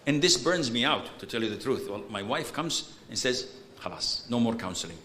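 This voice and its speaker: A man giving an informal Islamic lecture, blunt and animated, with bursts of exasperated humor and Arabic religious terms in his English. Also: medium pitch, moderate pace, slight background noise. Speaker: Islamic preacher. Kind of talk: informal lecture answering a question.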